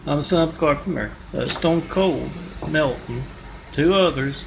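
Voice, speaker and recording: A man rambles through a string of stories, jumping between tangents. His voice is gravelly and somewhat high for a man. It comes through a dull, lo-fi phone recording with faint noise behind it. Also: normal speed. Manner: rambling, digressive. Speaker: storyteller telling parables. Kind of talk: rambling spoken storytelling.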